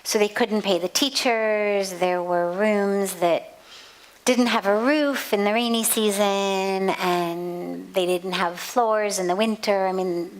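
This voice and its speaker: A woman spiritual teacher giving a talk at a satsang, telling a story in a slow, measured way. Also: medium pitch, poor audio. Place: outdoor garden.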